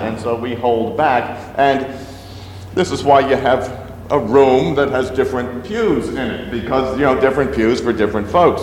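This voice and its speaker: Male pastor, casual preaching style, echoey church hall, faint room noise. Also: medium pitch. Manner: conversational, asides and fillers. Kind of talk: sermon. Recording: roomy sanctuary with long reverb.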